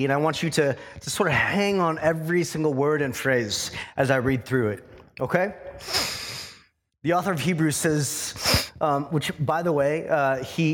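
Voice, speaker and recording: A male pastor delivers a sermon in an earnest teaching tone, with a voice on the higher side for a man. He works through his points with pauses and restarts.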